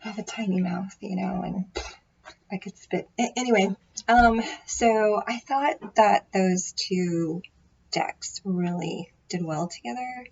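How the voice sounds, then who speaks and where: Slow, rambling woman vlogging to camera. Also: mid-range voice, vocal fry, darkish tone, breathy edge, muffled recording. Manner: rambling, self-deprecating, many fillers and restarts. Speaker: tarot vlogger. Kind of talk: casual chat to camera. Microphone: built-in microphone array.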